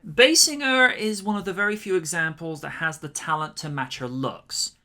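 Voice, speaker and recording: Bright-voiced male film reviewer. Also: on the high side. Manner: measured, admiring commentary. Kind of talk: scripted narration.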